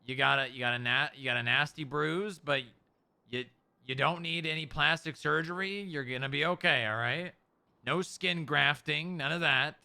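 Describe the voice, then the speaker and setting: A man streaming in-character role-play, coaxing and reassuring as he talks gently to a dog and a hurt friend. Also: a little high, moderate pace, creaky, smooth.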